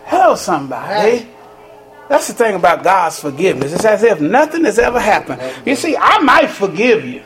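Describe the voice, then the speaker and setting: A male pastor preaching a sermon, shouting and repeating calls to the congregation, which answers him. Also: high voice, big pitch swings, moderate pace, soft background music. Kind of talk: sermon with call-and-response. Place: church sanctuary. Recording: echoey church with congregation. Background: congregation calling back.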